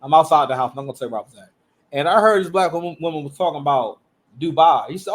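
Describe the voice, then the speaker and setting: High-voiced animated man. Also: racing. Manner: animated, emphatic, street slang. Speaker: commentary channel host. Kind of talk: reaction commentary.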